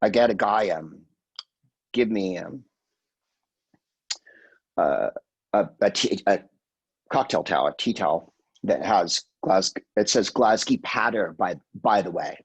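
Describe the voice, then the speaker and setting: A man's voice: sits low, expressive, a little slow, long pauses, husky, low-quality recording. A man in his sixties, a guest comedian, telling rambling, profane stories in casual podcast chat and slipping into quoted voices. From California, USA.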